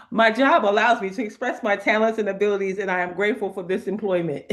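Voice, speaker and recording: A woman hosting a spiritual talk, animated and emphatic, laughing often as she reads inspirational cards. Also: mid-range voice, moderate pace. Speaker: host. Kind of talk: spiritual talk and card reading.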